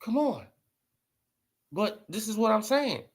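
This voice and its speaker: Emphatic high-voiced man ranting about boxing. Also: sing-song, slow, slightly rough. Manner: emphatic, repetitive, slangy. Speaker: boxing commentary vlogger. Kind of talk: casual boxing commentary.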